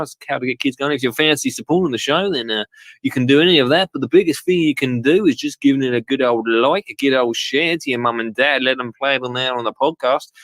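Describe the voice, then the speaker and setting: A man's voice: mid-range voice, dry recording, lightly acted. A man voicing a jokey, hammy mock Australian accent while plugging his podcast, rambling and mocking himself. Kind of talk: podcast plug in a put-on accent.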